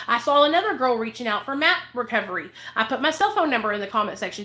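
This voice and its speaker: A woman with a high, bright voice vents to her viewers in a heated vlog rant. She swears freely and repeats herself for emphasis, speaking as someone who helps people in recovery. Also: big pitch swings, quick pace, few pauses. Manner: angry, profane, emphatic, repeats points. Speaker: recovery advocate vlogger.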